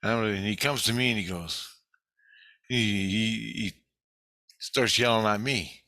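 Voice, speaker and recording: Recounting a dream in a long, off-the-cuff monologue, a man with a lowish voice rambles unhurriedly and swears freely. His bright, forceful tone keeps hammering each point home, and the sound is close and dry with no room around it.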